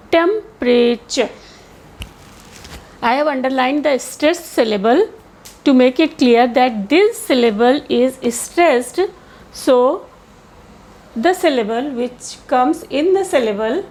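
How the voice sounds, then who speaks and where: A woman giving a careful pronunciation lesson, explaining sounds slowly and modelling each one aloud. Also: high voice. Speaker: English teacher.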